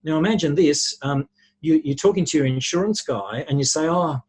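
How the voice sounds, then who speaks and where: A man, a podcast guest, explaining ideas with lively anecdotes and worked examples. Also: a little high, fairly quick, breathy edge. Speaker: podcast guest, relationships speaker. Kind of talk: conversational storytelling.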